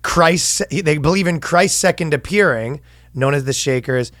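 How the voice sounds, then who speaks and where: Higher-pitched dude laughing a lot, riffing along, dry close sound. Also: male voice, a bit bright, dry recording. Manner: laughs often, playful riffing and quick questions. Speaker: podcast co-host. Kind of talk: casual podcast chat.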